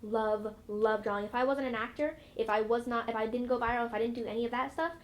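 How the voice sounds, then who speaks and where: A woman's voice: on the high side, fairly even intonation, fast talker. A young woman, an actress, chatting in an interview with a bubbly, rambling manner full of fillers. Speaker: actress guest. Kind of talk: casual interview.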